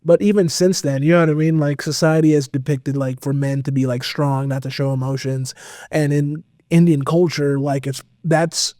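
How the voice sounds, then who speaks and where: A man guest on a podcast, telling a personal story in a casual, animated way with lots of fillers. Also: a little high, normal speed, no room sound, clean studio sound. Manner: animated, expressive, full of fillers. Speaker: podcast guest, metal vocalist.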